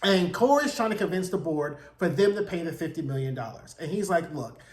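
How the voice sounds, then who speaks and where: A man hosting a casual, chatty TV recap, telling the plot in a gossipy, animated way with slangy asides. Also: on the high side, brisk. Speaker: TV recap host. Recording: roomy echo.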